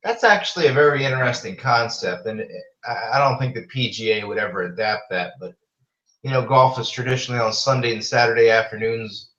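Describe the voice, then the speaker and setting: A man's voice: medium pitch, fairly quick, a bit bright. A man hosting a casual live video chat from home, rambling and often breaking off to scold his pets. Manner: rambling, scolding his cats mid-talk. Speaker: host. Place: home room. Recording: roomy lo-fi webcam audio.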